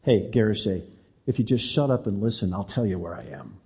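A man voicing God in a whispered role-play, speaking low, hushed and gently to call a weary listener to be still. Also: sing-song, a little fast, creaky, slightly rough, full character voice.

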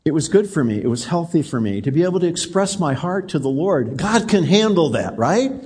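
A middle-aged pastor gives a sermon, talking to his congregation in a direct, conversational way. His voice sits a little high for a man. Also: very animated, fairly quick, a little mellow, slightly rough. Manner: conversational preaching, personal and direct.

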